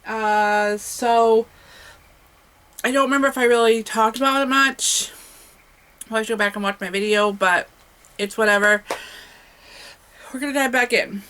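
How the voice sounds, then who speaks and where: A woman's voice: on the high side, fairly even intonation, unhurried, pauses often, fairly bright tone, rough recording. A woman talking casually and eagerly about her reading list in a home vlog, with frequent fillers and self-corrections. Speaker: booktuber.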